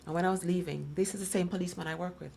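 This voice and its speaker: Guest speaker, middle-aged woman, emphatic storyteller, rough fry in the voice. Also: lowish voice, steady tone, racing, a little mellow, slight background noise. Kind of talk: personal testimony in a talk program.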